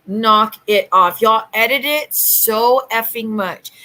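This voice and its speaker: A woman hosting a casual livestream at home, talking bluntly and sassily with quick retorts to her viewers. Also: a little high, sharp tone. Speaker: livestream host.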